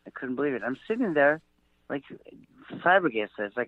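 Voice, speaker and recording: Middle-aged male comic guest, halting anecdotal teller with fillers, acts out quotes; tinny phone line, dry. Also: medium pitch, big pitch swings, no room sound. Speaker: guest, comedian and author. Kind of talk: rambling anecdotal storytelling.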